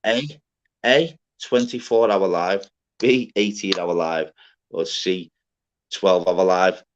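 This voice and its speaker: A man's voice: deep voice, takes it slowly, a little hiss or hum. A man hosting a live stream, bragging and swearing in loose casual banter. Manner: boastful, slangy, swears freely. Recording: dull lo-fi stream audio.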